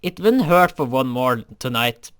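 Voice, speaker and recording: A man's voice: medium pitch, animated, unhurried, a bit bright, clear, resonant tone, no echo, studio quality, voice pushed down. A man voicing a flirty, bold female creeper mob from a fan story, speaking in a teasing, forward way.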